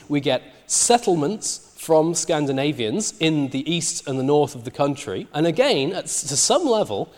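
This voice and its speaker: A man's voice: on the high side, a little mellow, long reverb tail. A man giving a recorded lecture, explaining step by step and posing rhetorical questions to his listeners.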